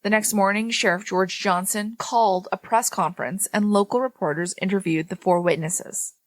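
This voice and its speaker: A woman's voice: medium pitch, steady tone, normal speed, no echo. A woman podcast co-host reading a paranormal story aloud, breaking off now and then to laugh and joke with her co-host.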